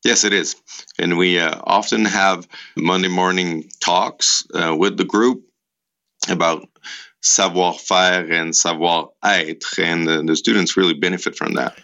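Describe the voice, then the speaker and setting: Deep gravelly man with an Italian accent. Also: fairly even intonation, measured pace, sharp tone, highs cut off. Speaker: educator in a vocational program. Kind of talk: radio interview answers.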